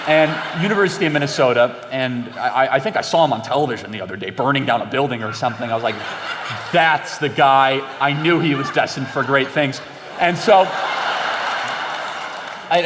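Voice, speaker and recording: A young man in animated conversation, talking emphatically and acting out exchanges he quotes. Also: a little high, slight background noise. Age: young adult. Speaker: guest. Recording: long hall reverb.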